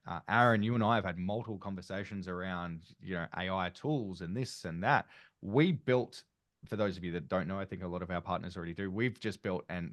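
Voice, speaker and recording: Low-voiced Australian man hosting a panel. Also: dry recording, clean studio sound. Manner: chatty, rambling with many fillers. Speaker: panel host. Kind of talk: casual panel discussion.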